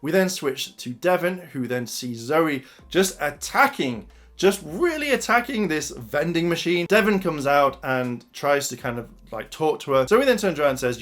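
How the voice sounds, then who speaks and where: A man's voice: on the high side, sing-song, normal speed, few pauses, a bit bright. A man giving a casual, rambling episode review, full of fillers and restarts.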